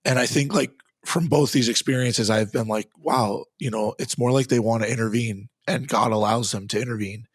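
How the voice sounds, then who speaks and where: A man's voice: medium pitch, fairly even intonation, normal speed, hardly any pauses, breathy edge, dry recording. A man, a guest on an interview show, earnestly recounting an exorcism he took part in, in a conversational storytelling manner with frequent restarts.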